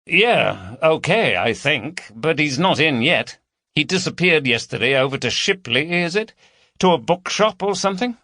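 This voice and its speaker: A man voicing a brisk, matter-of-fact male police detective in a crime story. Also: on the high side, lively intonation, sharp tone, no room sound, clean studio sound, pitched above the performer's own voice.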